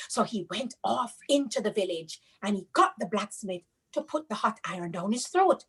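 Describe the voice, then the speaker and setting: A woman with a Caribbean accent telling a children's story, animated and sing-song, stopping to explain local words. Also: medium pitch, normal speed, breathy edge, poor audio.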